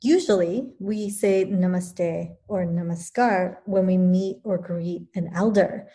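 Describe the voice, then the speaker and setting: Yoga teacher woman chatting, warm mellow voice, thinks out loud. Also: lowish voice, takes it slowly. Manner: thoughtful, many restarts and fillers. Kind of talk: reflective conversational talk.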